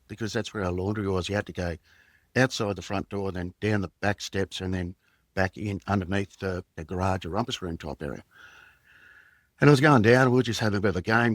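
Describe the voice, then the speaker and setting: A middle-aged Australian man with a fairly low voice recounts a personal story as a podcast guest. He speaks haltingly and reflectively, with plenty of fillers and restarts. The sound is dry, with no room echo. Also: a bit bright. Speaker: podcast guest, former police detective.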